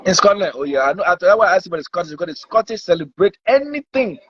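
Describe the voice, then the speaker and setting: A man interviewing a guest, eagerly jumping in with quick questions. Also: high voice, sing-song. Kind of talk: casual interview. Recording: dry, dull lo-fi recording.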